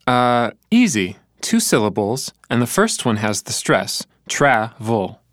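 A man acting as the learner in a scripted lesson dialogue, answering in a relaxed way with hesitations. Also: medium pitch, unhurried, dry recording, studio quality. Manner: relaxed, thinks aloud with hesitations.

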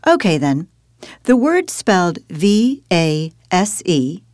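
A woman leads a scripted lesson dialogue, steering her partner with pointed questions. Her voice swings through a wide, animated pitch range. The recording is close and dry. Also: takes it slowly, dry recording. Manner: quizzing, leading with questions. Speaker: teacher.

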